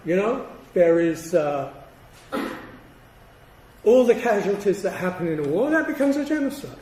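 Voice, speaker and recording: A man in his sixties giving an academic lecture, measured and emphatic, with deliberate pauses between phrases. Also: high voice, expressive, warm tone. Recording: roomy, distant hall sound with faint noise.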